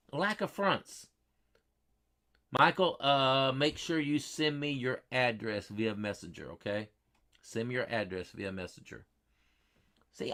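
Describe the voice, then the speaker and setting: Man, weather stream host, folksy, repetitive, mid-pitched voice, chatting with viewers. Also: fairly bright tone. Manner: folksy, repetitive, quizzes his chat.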